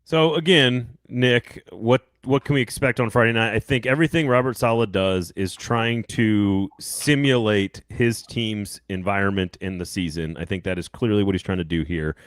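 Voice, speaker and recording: A man hosting a sports podcast, talking quickly in a loose, rambling way and cracking jokes with his co-host. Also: lowish voice, dry recording, clean studio sound. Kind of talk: casual sports chat.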